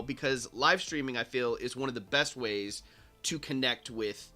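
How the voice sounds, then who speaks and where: A man chatting on a livestream from a home studio, laughing often and talking excitably with many restarts. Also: medium pitch, normal speed. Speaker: guest co-host. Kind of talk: casual livestream chat. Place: home studio in a bedroom corner.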